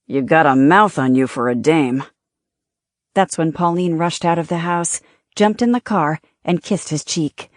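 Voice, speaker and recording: A woman with a fairly low voice narrates an audiobook in a steady, measured storytelling style. The recording is dry and the studio sound clean.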